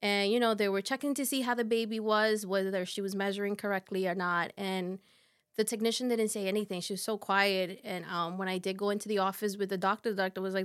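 A woman in her thirties, a podcast guest, telling a personal story in a halting, soft way with many fillers. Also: mid-range voice, steady tone, clear, resonant tone. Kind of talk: casual conversation.

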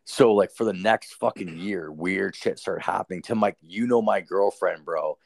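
A man's voice: deep voice, normal speed, vocal fry, no room sound. A young man casually telling a ghost story, rambling and swearing, full of fillers. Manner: profane, rambling, filler-heavy. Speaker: storyteller guest.

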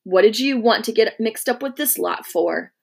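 A gruff Roman centurion barking orders, raised and hard-edged, full of scorn for his captive, as a woman reading a story puts him on. His voice climbs sharply when he shouts. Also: fairly high pitch, normal speed, pitched above the performer's own voice. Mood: contemptuous.

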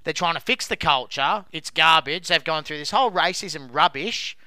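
Fired-up Australian bloke, sweary podcast rant, clear voice in a dry room. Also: male voice, on the high side, moderate pace, pushed and bright, no room sound. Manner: angry, sweary, ranting. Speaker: podcast co-host. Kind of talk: heated sports podcast rant.

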